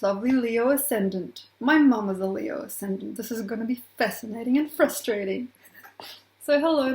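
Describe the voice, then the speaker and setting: Woman astrologer, casual vlog, teasing and warm-hearted, high-pitched, roomy sound. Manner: playful, affectionate, teasing, laughs often. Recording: echoey room.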